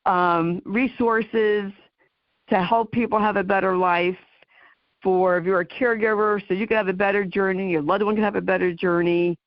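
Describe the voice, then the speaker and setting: A woman with a New Jersey accent hosting a talk radio interview, halting and full of ums and you knows. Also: medium pitch, steady tone, no echo, dull audio. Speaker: host.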